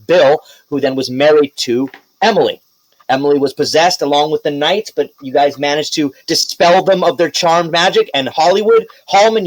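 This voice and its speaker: A man's voice: fairly high pitch, no echo, rough recording. A man running a tabletop game as game master, chatting and recapping with laughs and loose asides.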